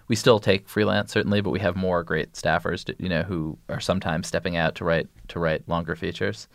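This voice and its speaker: Man, podcast guest, low voice, rambly and loose, close and dry sound. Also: fairly even intonation, fairly quick, creaky, no echo. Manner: rambling, many restarts and "like" fillers. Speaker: podcast guest, news editor. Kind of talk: casual interview conversation.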